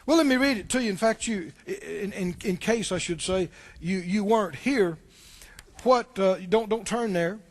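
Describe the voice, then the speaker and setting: High-voiced man preaching conversationally. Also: moderate pace. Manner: conversational preaching, asks the congregation questions; repeats words when restarting. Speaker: pastor. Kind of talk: sermon.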